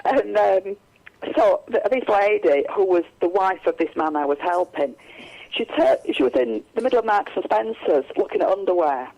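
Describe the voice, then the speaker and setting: A woman tells long stories as a guest on a radio interview, rambling along with restarts and fillers. Her voice has a gravelly edge. The sound is dull and lo-fi, like an old radio recording. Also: mid-range voice, animated, normal speed. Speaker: psychic medium guest.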